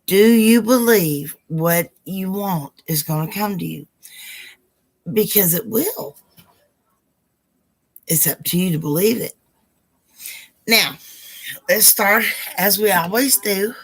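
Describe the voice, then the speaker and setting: A woman hosting a live psychic Q&A stream, chatty and affectionate with her viewers, her voice hoarse and rough. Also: medium pitch, takes it slowly, long pauses.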